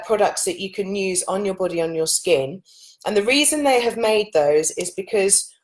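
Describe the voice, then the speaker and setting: Speaking casually to the camera is a woman in her late thirties who teaches yoga and oils. She has a low, husky voice and explains things in a rambling, run-on way.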